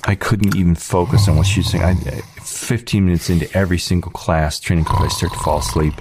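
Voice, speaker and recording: A man's voice: deep voice, steady tone, a little fast, a little mellow, slight background noise. A man hosting his own channel, ranting sarcastically in a casual monologue. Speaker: channel host.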